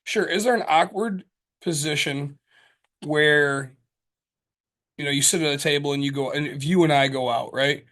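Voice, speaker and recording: A man co-hosting a podcast in casual chat, rambling and profane with lots of fillers and animated storytelling. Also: on the high side, moderate pace, pauses often. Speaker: podcast co-host.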